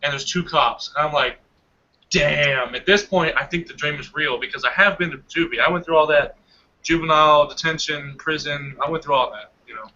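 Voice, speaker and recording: A man's voice: on the high side, a little fast, sharp tone, highs cut off. A young man in casual chat, animatedly telling a long dream story and laughing often. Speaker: hangout participant.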